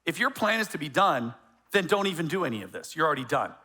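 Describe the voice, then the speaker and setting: Bright-voiced joking male pastor. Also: fairly high pitch, sing-song, breathy edge. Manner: conversational and joking, with quick asides and many restarts. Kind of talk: sermon.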